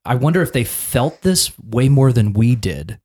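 A man's voice: mid-range voice, big pitch swings, moderate pace, dark tone. An American man discussing a church confession in a casual conversation, thinking aloud with many restarts and repeated words. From United States.

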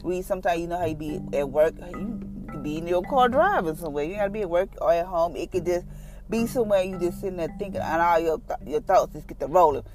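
A woman's voice: fairly low pitch, quick pace, music in the background. Earnest middle-aged woman sharing devotional testimony. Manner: conversational, earnest, animated storytelling with many fillers. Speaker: devotional podcast host. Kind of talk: casual devotional talk and personal testimony.

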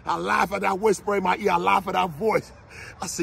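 A man with a raspy, gravelly voice giving a fiery motivational speech, shouting repeated exhortations like a preacher. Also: sits high, steady tone, fairly quick. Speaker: motivational speaker.

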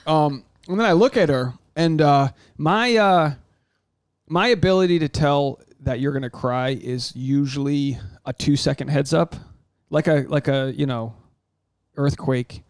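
A man in his thirties co-hosting a podcast in casual chat, an animated storyteller who swears freely and acts out quotes. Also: on the high side, measured pace, no room sound, clean studio sound. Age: 30s. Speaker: podcast co-host. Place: home.

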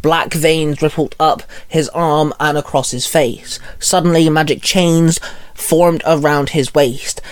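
A man's voice: a little high, steady tone, takes it slowly, smooth. A man narrating a fan fiction story in a casual, plain reading voice.

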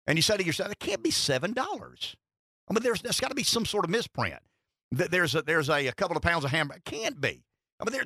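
A man hosting a talk radio show, talking in an animated way that often restarts and repeats words. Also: on the high side, no echo, clean studio sound. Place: radio studio. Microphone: studio headset mic.

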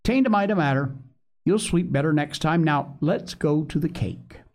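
A man voicing a kindly, deaf old village woman who talks in slow, old-fashioned country dialect. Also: a little high, darkish tone, lightly acted. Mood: fussing.

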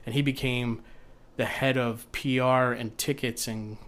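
A man's voice: mid-range voice, measured pace, slight background noise. A man, a TV producer, telling stories in casual podcast talk, rambling and acting out the people he quotes. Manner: rambling, animated storyteller who acts out quotes. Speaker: TV producer guest.

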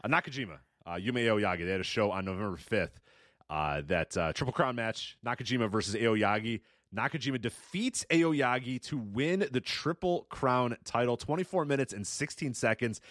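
A man's voice: mid-range voice, moderate pace, dry recording, clean studio sound. A man co-hosting a wrestling podcast, talking casually and swearing freely. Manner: animated, swears freely, mimics announcers. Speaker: podcast co-host.

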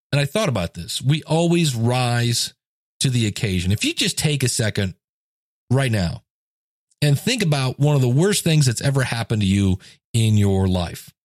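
A man's voice: medium pitch, no room sound, studio quality. A man in his fifties giving a casual motivational monologue, telling stories and acting out quoted voices. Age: 50s. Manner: storytelling, acts out quoted voices.

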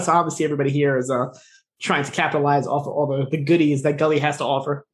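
Brief: quick, fairly high-voiced male podcast co-host, animated casual recap. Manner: quick, animated retelling with fillers and laughs. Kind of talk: casual chat.

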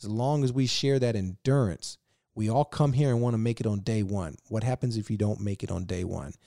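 A man from Virginia telling animated stories as a podcast guest, cursing freely in casual chat. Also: fairly low pitch, a little fast, creaky, no room sound, clean studio sound. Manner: animated, profane, laughing storyteller. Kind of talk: casual storytelling.

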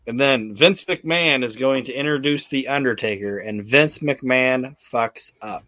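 A man's voice: mid-range voice, unhurried, bright, forceful tone. A man hosts a podcast in loose, rambling chat, stumbling through restarts as he recaps. His voice sits in a middle range. The sound is dry and close, with no room echo. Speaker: podcast host.

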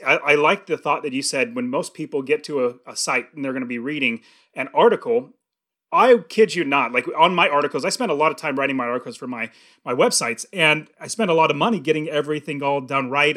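A man's voice: a little high, fairly quick, bright, forceful tone, no room sound, studio quality. Earnest emphatic male podcast host. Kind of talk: casual podcast interview.

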